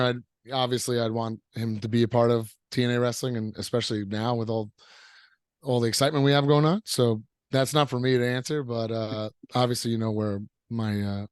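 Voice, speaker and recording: A man's voice: mid-range voice, no echo. Easygoing upbeat man, dry close sound. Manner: upbeat and easygoing, rambling with fillers. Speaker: professional wrestler guest. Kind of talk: casual interview answers.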